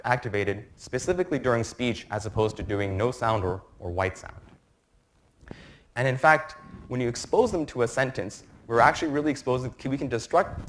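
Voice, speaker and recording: A young man in his twenties presenting an academic lecture to a room, explaining research in a quick, informal way. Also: mid-range voice, a bit bright, slight background noise. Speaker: medical student presenter.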